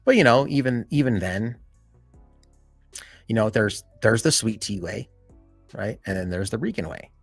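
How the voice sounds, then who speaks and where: A man hosting a live stream in casual chat, rambling and filling every pause with "you know" and "like". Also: on the low side, lively intonation, creaky, slightly rough, dry recording, faint music behind.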